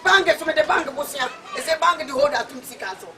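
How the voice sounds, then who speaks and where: A man with a Ghanaian accent in a comedy skit, loud, bossy and argumentative. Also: extremely high pitch, quick pace. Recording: distant mic, crowd noise behind.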